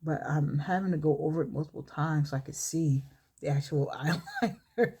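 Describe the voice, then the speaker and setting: A woman vlogger reading her own short story aloud in a relaxed way while doing her makeup, chuckling and stopping to comment on it. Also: low voice, moderate pace, slightly rough. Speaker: vlogger and author.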